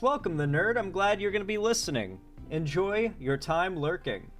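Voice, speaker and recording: A man with a fairly high voice hosts a casual livestream chat. He runs through viewer names one after another, drifts off into rambling asides and trails off mid-thought. Faint music plays under him. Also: sing-song, normal speed, few pauses, a bit bright. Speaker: livestream host.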